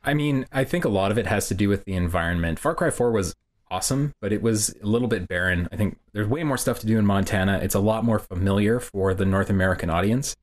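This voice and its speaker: A man's voice: fairly low pitch, quick pace. A man who reviews games, co-hosting a podcast in casual chat, with dry, matter-of-fact and blunt opinions. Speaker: game reviewer and podcast co-host.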